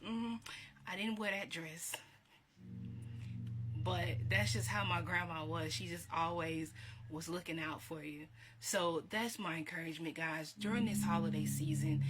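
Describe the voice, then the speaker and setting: A woman, chatting warmly and reminiscing, laughing often and repeating herself. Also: on the low side. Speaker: vlogger. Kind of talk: casual encouraging talk. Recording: steady background hiss.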